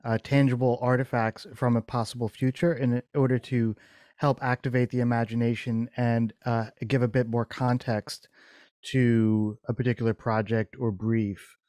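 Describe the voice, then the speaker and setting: A man's voice: medium pitch, little pitch movement, moderate pace, a little mellow, dry recording, studio quality. A man answering an interview question at length, explaining thoughtfully and repeating words as he builds his ideas. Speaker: guest designer.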